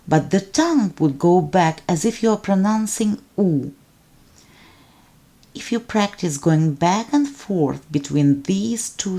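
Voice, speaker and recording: Woman teacher going through letter sounds real slow, lowish voice, careful. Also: dark tone. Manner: deliberate, enunciates sounds for repetition. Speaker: language teacher. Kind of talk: slow instructional narration.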